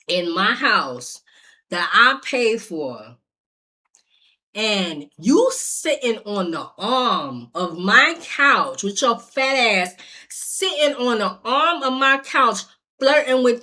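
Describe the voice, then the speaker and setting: A woman telling a story straight to her viewers, acting out the other voices, swinging from low mutters to loud outbursts and laughing as she goes. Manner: laughs while telling, addresses viewers directly. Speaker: storyteller vlogger. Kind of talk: animated storytime vlog.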